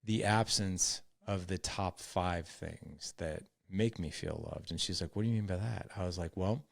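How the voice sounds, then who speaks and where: A man's voice: sits low, moderate pace, creaky, dry recording. A middle-aged man hosting a podcast, talking earnestly and rambling, with many restarts and retold conversations. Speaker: podcast host. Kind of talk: solo podcast talk.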